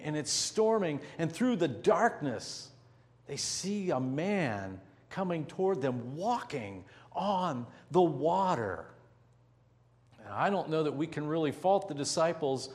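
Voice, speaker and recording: A man preaching a sermon as pastor, telling a story vividly and slowing down to stress key points. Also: on the high side, darkish tone, in a large hall. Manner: vivid storytelling with slow, drawn-out emphasis.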